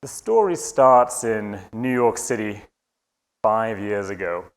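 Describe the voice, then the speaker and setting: British man, low voice, conference talk, hesitant fillers, echoey hall. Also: animated, slow. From United Kingdom. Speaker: conference speaker.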